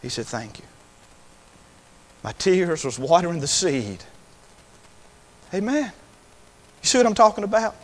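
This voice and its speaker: A preacher with a strikingly high, lively voice delivers a revival sermon. He drops to hushed storytelling, then rises to shouted, stretched-out calls. A long church-hall reverb trails his words. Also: normal speed, pauses often. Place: church sanctuary.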